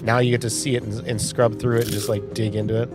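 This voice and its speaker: A man in his forties riffs casually on a live stream and jokes with the chat. He has a mid-range voice, and clear music plays in the background. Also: mid-range voice, flat delivery, fast talker. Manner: chatty, playful, reacts to viewer comments. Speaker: livestream host.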